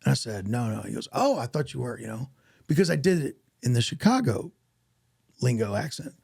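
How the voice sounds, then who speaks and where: A man, an actor guest on a podcast, telling stories in a casual, animated way and acting out what others said. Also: mid-range voice, fairly quick, vocal fry, slightly rough, no echo, studio quality. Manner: animated, acts out quoted voices. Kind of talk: casual storytelling interview.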